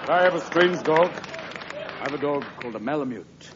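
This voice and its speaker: A man doing a stand-up comedy routine on a live stage, talking fast and animated and jumping into character voices. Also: fairly high pitch. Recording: muffled live recording, crowd laughter and noise.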